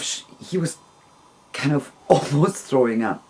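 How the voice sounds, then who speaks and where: A man telling a long personal story in a casual, rambling, gentle way, with soft laughs between phrases. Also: on the high side, animated, normal speed, husky.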